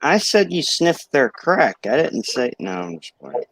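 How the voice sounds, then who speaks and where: A man's voice: fairly high pitch, very animated, measured pace, background noise. A man in a late-night group chat, cracking crude teasing jokes and then deadpanning them away.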